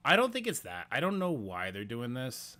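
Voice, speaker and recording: Breathless male streamer, mid-pitched, casual, self-deprecating, thinks out loud. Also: wildly swooping pitch, moderate pace. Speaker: game streamer. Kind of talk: casual live-stream commentary.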